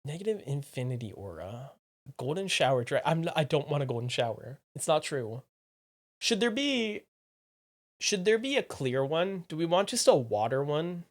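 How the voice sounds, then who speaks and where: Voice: medium pitch, sing-song. Playful streamer bantering with chat. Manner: playful, teasing, jumps from mumbling to loud exclamations; repeats phrases, quick asides to chat. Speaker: livestreamer. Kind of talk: casual live-stream chat, answering viewers.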